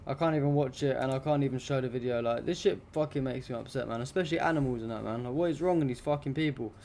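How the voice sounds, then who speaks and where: A man's voice: mid-range voice, fast, darkish tone, slight background noise. A young adult man hosting a live stream, commenting on news pictures in an indignant, rambling, heavily profane way.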